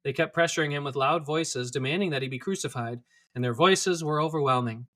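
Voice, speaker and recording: A man reads scripture aloud, steady and clear. His voice sits slightly high and has a bright, forward ring. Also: a little fast. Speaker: scripture reader. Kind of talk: scripture reading.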